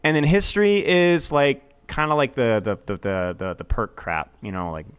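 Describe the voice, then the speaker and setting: A man playing a casual gaming quiz as contestant, stammering and mocking himself as he thinks out loud. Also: medium pitch, normal speed, clear, resonant tone. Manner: stammering, animated, self-mocking.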